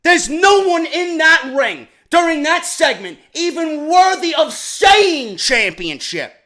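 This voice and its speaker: A man from New York giving a heated, profane review of a wrestling show, firing off repeated questions and often shouting. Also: very high voice, sing-song, slow.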